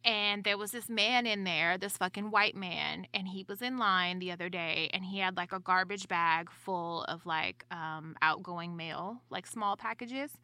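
A young woman chats casually, swearing freely as she tells a story. Her voice is bright and forward. The sound is dry and close, with no room around it. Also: lowish voice, unhurried, few pauses, smooth, dry recording. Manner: profane, animated storyteller.

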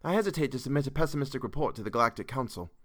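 A man's voice: mid-range voice, expressive, rapid-fire, a bit bright, natural voice. A man playing a thoughtful, hesitant young man who muses aloud. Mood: musing.

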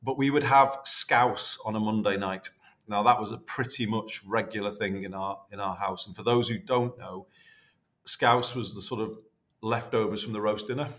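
A man, chatting warmly and rambling as a podcast guest, full of restarts. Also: on the low side, fairly even intonation, normal speed. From North West England. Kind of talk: casual interview reminiscing.

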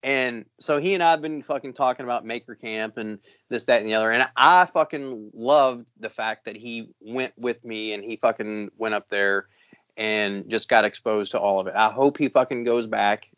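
A man's voice: medium pitch, moderate pace, a bit bright, no room sound, muffled recording. A man co-hosting a podcast in casual chat, rambling and swearing constantly. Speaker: podcast co-host.

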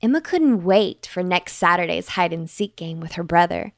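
A woman narrating a bedtime story for children, gentle, clear and unhurried. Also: lowish voice, animated, dry recording, studio quality.

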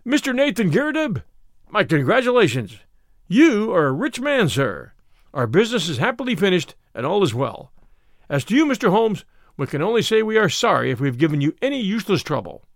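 Man voicing brash loud lawyer, emphatic, insistent, lively pitch, gravelly. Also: fairly quick, no echo, clean studio sound. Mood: pushy. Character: brash, pushy male lawyer, loud and hurried.

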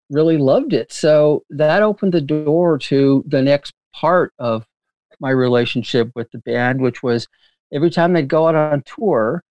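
A man telling stories as a guest in an interview, rambling and animated with frequent laughter and restarts. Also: on the high side, no echo, muffled recording. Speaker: filmmaker guest. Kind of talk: casual interview storytelling.

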